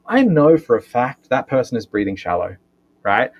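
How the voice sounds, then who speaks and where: A man's voice: medium pitch, normal speed. A man, a physiotherapist and breathwork educator, explaining things in a podcast interview, often ending points with a questioning "right?". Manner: animated explainer, frequent tag questions.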